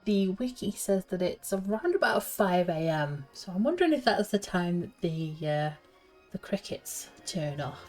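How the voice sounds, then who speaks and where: A woman's voice: mid-range voice, very animated, moderate pace, a little mellow, soft background music. A woman streamer casually thinking aloud and giggling as she plays through a game quest. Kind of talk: casual gameplay commentary.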